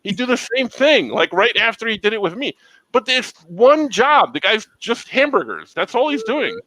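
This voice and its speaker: A middle-aged man hosting a casual chat, telling stories in an animated way and acting out the people in them. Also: very high voice, normal speed, no room sound, poor audio. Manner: animated storyteller, acts out dialogue. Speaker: host.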